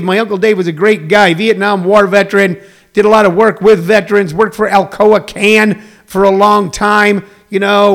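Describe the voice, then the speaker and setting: A man's voice: high voice, vocal fry, fairly bright tone. A middle-aged man hosting a talk show, delivering a chatty, rambling monologue full of folksy asides.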